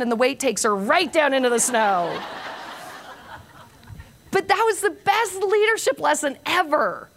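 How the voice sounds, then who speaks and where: An older woman giving a motivational conference talk, telling a long anecdote with self-mocking humor and lively storytelling. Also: sits high, creaky. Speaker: keynote speaker.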